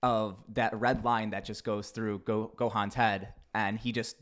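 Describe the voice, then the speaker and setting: A man talking casually on a podcast, with a voice that sits on the low side. He eases into his points with hesitant, stammering restarts before telling the story. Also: flat delivery, unhurried, fairly bright tone. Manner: hesitant starts, stammering repeats. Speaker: podcast guest. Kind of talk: casual chat.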